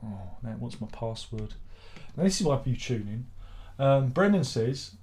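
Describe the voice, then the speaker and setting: A man's voice: medium pitch, lively intonation, normal speed, darkish tone, slight background noise. A middle-aged man hosting a casual live stream, grumbling, swearing and rambling in exasperation.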